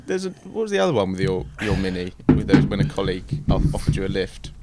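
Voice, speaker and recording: A man's voice: low voice, very animated, fast, a loud crowd. A man hosting a podcast in casual chat, who prompts his guest with short, dry questions.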